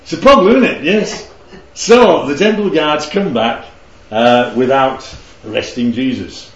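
A man's voice: medium pitch, unhurried. A man leading a group Bible study, teaching interactively and keeping the group involved with frequent check-ins. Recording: roomy, slightly dull recording.

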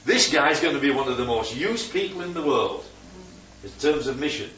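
A man's voice: mid-range voice, animated, normal speed, bright, forceful tone, faint music behind. A man leading a Bible study, teaching and quizzing the group with questions. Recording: roomy, distant, dull sound.

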